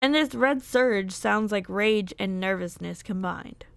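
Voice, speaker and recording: A woman's voice: mid-range voice, unhurried, gravelly, smooth, no echo, studio quality. A woman commentating on a true-crime interrogation, analytical and opinionated.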